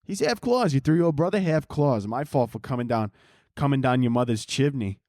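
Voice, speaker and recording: A man's voice: mid-range voice, expressive, normal speed, darkish tone, dry recording, clean studio sound, natural voice. A man voicing a foul-mouthed older Santa Claus with a Brooklyn accent, brash and boastful. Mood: crude bragging.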